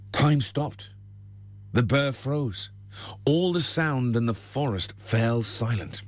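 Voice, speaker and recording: A man's voice: medium pitch, expressive, slow, no echo. A man, a radio host who tells jokes in a chatty way and laughs often. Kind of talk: joke telling on radio.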